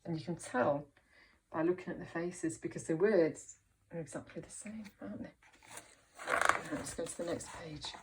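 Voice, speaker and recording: A woman teacher reading a picture book aloud to young children, slow and encouraging, asking them questions. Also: lowish voice, recorded from a distance, heavy background noise. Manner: slow, encouraging, asks questions and puts on voices for characters. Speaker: primary school teacher.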